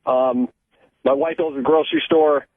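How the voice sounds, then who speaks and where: A man's voice: medium pitch, fairly even intonation, moderate pace, no echo. A man from Ohio calling in to a show, telling an angry, profane story about his family. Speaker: caller. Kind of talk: phoned-in story. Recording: tinny dry phone line.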